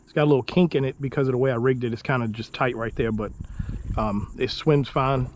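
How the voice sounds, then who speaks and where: A man vlogging from a kayak outdoors, exclaiming and rambling with excitement, his voice going hoarse. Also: medium pitch, a little fast. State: losing his voice. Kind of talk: excited outdoor fishing vlog. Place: on a kayak outdoors on the water in wind. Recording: noisy outdoor recording with wind and water.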